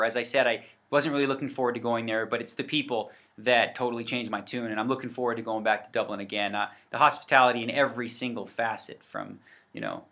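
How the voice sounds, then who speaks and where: Speaking in a bright, forceful mid-range voice, a man delivers a rambling vlog rant to camera, heavy on fillers and self-corrections. He's a poker vlogger filming indoors before a set backdrop, with the microphone pointed toward the camera.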